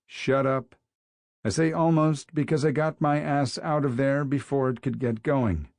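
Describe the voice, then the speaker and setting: A man's voice: medium pitch, steady tone, unhurried, darkish tone, no room sound, voice pushed up, natural voice. A man doing a grumpy schoolteacher on a bad morning, muttering his answers with irritation. The sound is close and dry, as in a studio audiobook. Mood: irritable. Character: grumpy male teacher in a foul morning mood. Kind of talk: audiobook character voice.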